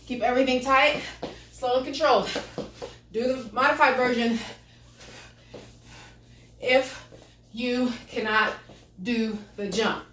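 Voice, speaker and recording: A woman with a fairly high voice coaches a workout at home, breathless and upbeat as she calls out moves and greets viewers. She sounds a little distant from the mic, in an echoey room with faint noise behind her. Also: fairly even intonation, slow pace, pauses often, a bit bright. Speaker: fitness instructor. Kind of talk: live workout session.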